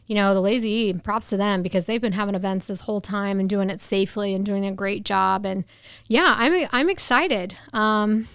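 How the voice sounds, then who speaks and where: A woman's voice: medium pitch, moderate pace, a bit bright, smooth, dry recording, studio quality. A woman guest on a podcast, chatting casually and laughing often. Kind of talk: casual chat.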